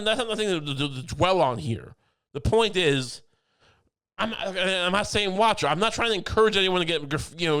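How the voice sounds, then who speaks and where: A man's voice: on the high side, a bit bright. A young man hosting a podcast, rambling through a mock-conspiratorial comedy monologue with lots of restarts. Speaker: podcast host.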